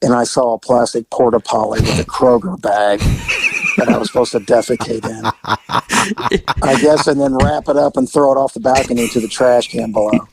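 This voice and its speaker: A man, a former police officer, telling lively stories on a podcast, laughing and acting out the voices. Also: mid-range voice, fairly quick, background noise. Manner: animated, laughing, acts out voices. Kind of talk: casual storytelling podcast.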